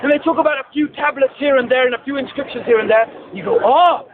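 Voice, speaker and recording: Man, street preacher, very high voice, rhetorical, mocking, outdoor crowd chatter, tinny lo-fi audio. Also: quick pace. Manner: rhetorical, repeatedly asks "huh?"; mocking, challenging. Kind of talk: open-air debate speech. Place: outdoor park among a crowd.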